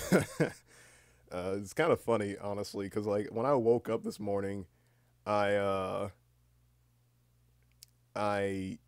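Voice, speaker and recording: A man's voice: on the low side, dry recording, studio quality. Groggy, rambling man with a cracking voice. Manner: rambling, many fillers and restarts, swears casually. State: just woken up, voice cracking. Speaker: livestreamer. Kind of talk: casual stream chat.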